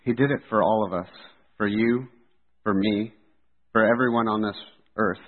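A man preaching a sermon in an earnest, steady delivery. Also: fairly low pitch, normal speed. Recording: tinny phone-like sound.

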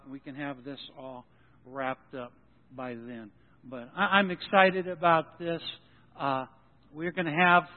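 High-voiced joking pastor in a hall. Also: male voice. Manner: folksy, joking, with frequent restarts. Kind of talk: sermon with announcements. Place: church sanctuary. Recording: tinny phone-like sound in a reverberant hall.

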